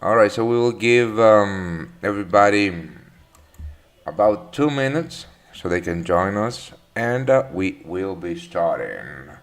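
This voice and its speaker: A man's voice: fairly low pitch, animated, slow. A man hosting a live trading webinar, chatting casually, greeting viewers by name with many fillers and restarts. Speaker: trading session host.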